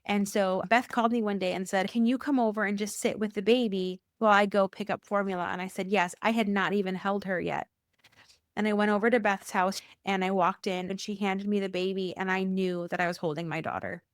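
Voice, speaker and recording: A woman of middle pitch tells a personal faith story as a podcast guest. She brings quoted dialogue to life with jumps in her voice and repeats phrases for emphasis. The recording is dry and close, with no room sound. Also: fairly quick, dry recording. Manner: animated, acts out quoted dialogue with rising pitch. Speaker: church worker.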